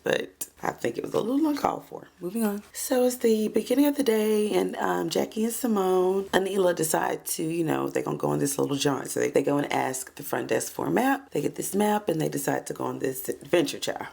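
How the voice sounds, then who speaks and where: A woman's voice: medium pitch, vocal fry, a little mellow. A woman recapping a reality show in a chatty, sassy way. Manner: chatty, sassy, says "child" and "moving on" often. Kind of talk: casual recap commentary.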